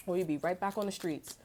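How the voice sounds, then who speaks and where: A woman's voice: on the low side, warm tone. Blunt, profane woman talking street slang. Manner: frequent throat clearing. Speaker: tarot reader. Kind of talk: casual unscripted tarot reading monologue.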